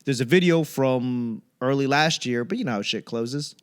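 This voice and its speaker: A young man hosting his own comedy podcast, rambling through a casual monologue and acting out other people in quick bits. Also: mid-range voice, clean tone. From United States. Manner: acts out voices in quick bits.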